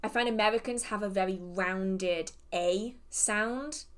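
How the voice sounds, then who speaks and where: A woman's voice: mid-range voice, measured pace, clean tone. A woman with an English accent hosting a casual livestream Q&A, chatty and self-deprecating, laughing often and muttering to herself between questions. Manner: hums and mutters to herself while scrolling. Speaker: host of a live witchcraft Q&A.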